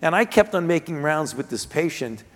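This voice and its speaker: An older man, a physician and author, telling his story earnestly in a measured way, often restarting his sentences, during an interview on stage before a live audience. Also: fairly high pitch, animated. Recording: reverberant hall.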